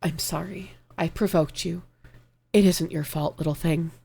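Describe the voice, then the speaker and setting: A woman voicing a dying man, soft and tender. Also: on the low side, steady tone, measured pace, vocal fry, husky, full character voice. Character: dying gentle male lover, tender and calm.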